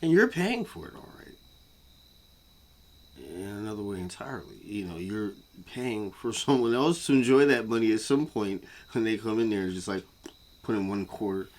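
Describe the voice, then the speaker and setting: A man ranting casually to camera as a vlogger, profane and repetitive, swinging from muttering to yelling. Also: lowish voice, animated, moderate pace.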